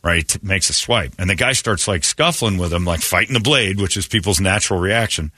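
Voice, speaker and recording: Lively low-voiced man telling radio stories. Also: fairly quick, no echo, clean studio sound. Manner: animated storytelling, acts out quotes in a raised voice. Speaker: radio show host. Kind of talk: casual morning radio banter.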